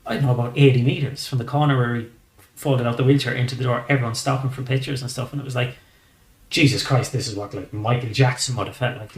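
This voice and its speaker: An Irish comedian, a man from Ireland, guests on a podcast, telling rambling stories in casual chat and swearing freely. His voice is medium-pitched, and the room is echoey.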